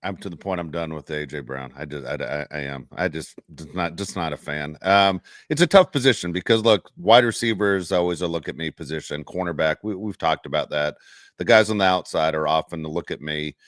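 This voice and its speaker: A man hosting a casual sports podcast, talking in an emphatic, animated way. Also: extremely low pitch, fairly quick, no room sound, studio quality. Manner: animated, emphatic trash talk. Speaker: podcast host.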